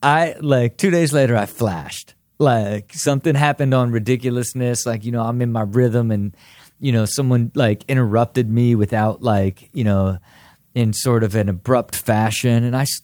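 Male podcast host with a mid-range voice, animated and repetitive, dry close sound. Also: medium pitch, no room sound. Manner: animated, repeats words and restarts, quick asides. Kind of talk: casual self-help monologue.

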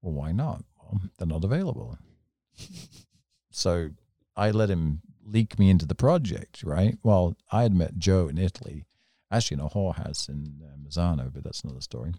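A man with a very low, dark, mellow voice, telling long rambling stories in a podcast chat. He talks up close on a dry mic. He is animated and laughs often as he goes. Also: normal speed, no room sound. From England. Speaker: storyteller, podcast guest. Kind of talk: casual anecdotal storytelling.

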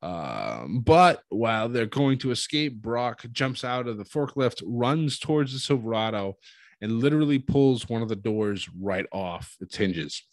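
A man hosting a casual recap of a wrestling show, telling it as an animated story, chuckling often and acting out what people said. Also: mid-range voice, unhurried, no room sound.

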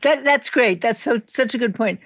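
A woman's voice: fairly high pitch, moderate pace, no echo, clean studio sound. A woman, a linguistics professor, speaking as a podcast guest in a thoughtful, conversational way and laughing often. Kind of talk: conversational interview.

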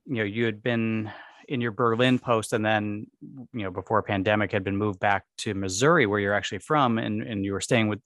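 A podcast host, a man with a lowish, steady, slightly bright voice, talks a little fast as he asks long, wandering questions packed with "you know" and "sort of." The studio-quality recording has no echo, and the interview is casual and conversational.

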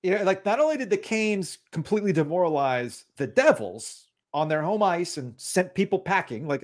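A man's voice: sits high, normal speed, hardly any pauses. A man co-hosting a sports podcast, talking in a loose, joking way full of "like" fillers. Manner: animated, joking, many "like" fillers. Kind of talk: casual sports chat.

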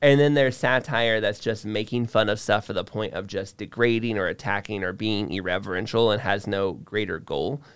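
A man's voice: on the low side, moderate pace, few pauses, fairly bright tone, smooth, no echo. A man co-hosting a podcast, explaining his views at length in casual discussion, with frequent restarts. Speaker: podcast co-host.

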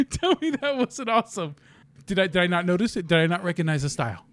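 A man's voice: high-pitched, big pitch swings, quick pace, fairly bright tone. A man co-hosting a podcast in casual chat, rambling, swearing and laughing often. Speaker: podcast co-host.

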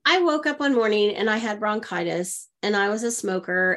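A woman coach, a guest on an interview show, telling personal stories in a lively way and acting out the dialogue. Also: medium pitch, moderate pace. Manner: lively, acts out quoted dialogue. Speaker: guest, intuitive leadership coach. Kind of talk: conversational storytelling.

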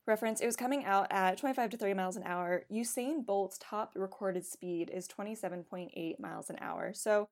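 A woman's voice: medium pitch, brisk, few pauses. A woman co-hosting a podcast, telling a story from her research in a casual, chatty way, full of "like" fillers. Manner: chatty, filler-heavy with frequent "like". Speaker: podcast co-host presenting research. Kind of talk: casual chat.

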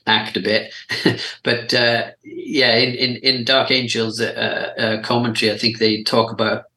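A man's voice: medium pitch, level tone, a little slow, sharp tone, reverberant, low-quality recording. A man co-hosting a casual film podcast, chatty and often repeating words.

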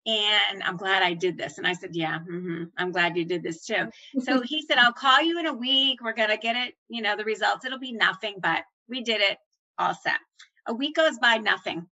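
Bright-voiced woman telling a story. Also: mid-range voice, normal speed, rough recording. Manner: animated, acts out the voices of doctors and herself. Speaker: former nurse manager telling her story. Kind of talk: personal storytelling.

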